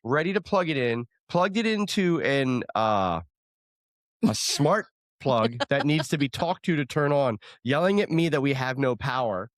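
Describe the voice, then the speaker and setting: A man co-hosting a casual chat show, teasing and retelling a story with animated energy. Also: medium pitch, moderate pace, no room sound, studio quality. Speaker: podcast co-host.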